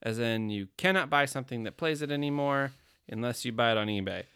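A man's voice: medium pitch, a little fast, fairly bright tone, clean tone. A man in his thirties co-hosting a podcast, joking casually and laughing often. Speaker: podcast co-host. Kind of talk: casual chat.

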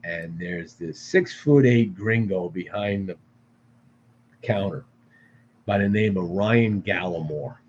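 A man from the Boston area, a podcast guest telling a long story in an animated, profane way with frequent restarts. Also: low voice, slow, pauses often, highs cut off, slight background noise. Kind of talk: casual storytelling. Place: studio.

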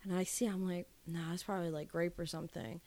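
Young female podcast co-host, lowish voice, dry close sound, animated profane storyteller. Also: fast talker, no echo. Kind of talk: casual chat.

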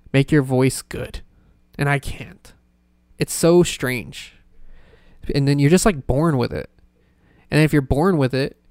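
A man's voice: mid-range voice, a little mellow, smooth, no echo, studio quality. A young man hosting a solo podcast, rambling and self-deprecating with plenty of swearing. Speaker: podcast host. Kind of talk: casual solo podcast rant.

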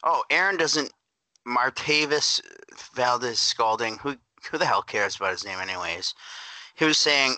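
A man's voice: mid-range voice, animated, moderate pace, sharp tone, dry recording, poor audio. A man on a casual sports podcast, joking and ranting over his own mic. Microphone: own mic on a call.

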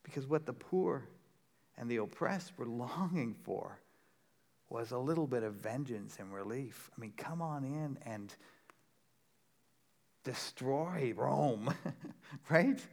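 A man preaching a sermon in a conversational, rhetorical way, often checking in with a quick "right?". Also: mid-range voice, expressive. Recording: long reverb of a large hall.

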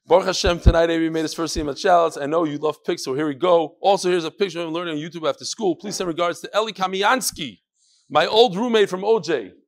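A man's voice: a little high, fast talker. A man hosting a casual chat show, reading listener emails aloud with joking asides.

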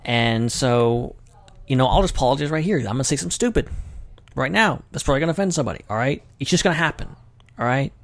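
A man's voice: medium pitch, animated, quick pace, no echo. A man hosting his own podcast, chatting casually in a rambling, self-deprecating, jokey way. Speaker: podcast host. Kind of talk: casual livestream chat.

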